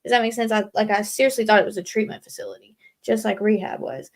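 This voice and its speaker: A woman's voice: mid-range voice, fairly even intonation, quick pace, gravelly, a little mellow. A young woman telling her recovery story as a guest in a casual live interview, earnest and rambling, with many fillers. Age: young adult. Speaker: guest leaving a recovery house.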